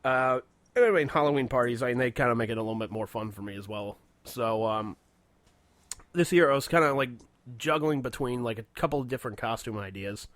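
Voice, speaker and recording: A man's voice: mid-range voice, a little fast, a bit bright, dry recording. A man co-hosting a podcast in casual chat, loose and profane and laughing often. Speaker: podcast co-host.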